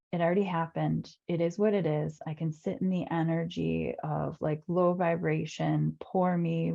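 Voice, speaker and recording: A woman life coach talks through a webinar in an earnest, repetitive way, often acting out the inner voices of her listeners. Her voice is gravelly with a warm, mellow tone. The audio is dull and lo-fi, like a computer mic on a video call. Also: on the low side. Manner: earnest, repeats phrases, acts out inner voices. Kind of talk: webinar talk.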